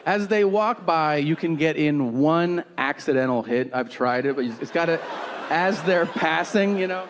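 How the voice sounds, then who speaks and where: A man doing a stand-up routine on stage, telling stories in an animated way and acting out voices with shouted punchlines. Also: fairly high pitch, measured pace. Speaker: stand-up comedian. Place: comedy stage before a live audience. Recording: live show with roomy reverb and crowd noise.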